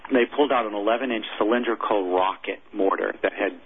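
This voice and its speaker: A former military chaplain, a man, telling a personal story in an interview, earnest and halting. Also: lowish voice, slight background noise. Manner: earnest, halting, emotional recounting. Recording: tinny phone-like audio.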